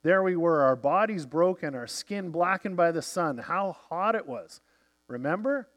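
Man voicing simple-hearted devout Viking, lilt, slightly high voice, earnest, soft trailing endings. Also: expressive, unhurried.

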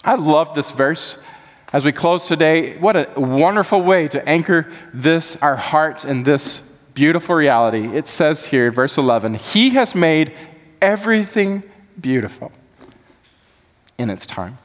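A man's voice: on the high side, lively intonation, a little slow, big-room sound. A man preaching a sermon as pastor, earnest and building to impassioned emphasis.

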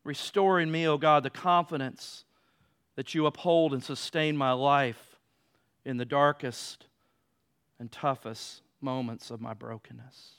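A man preaching a sermon, moving between loud emphatic passages and quiet, low stretches. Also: steady tone, unhurried, smooth. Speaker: pastor.

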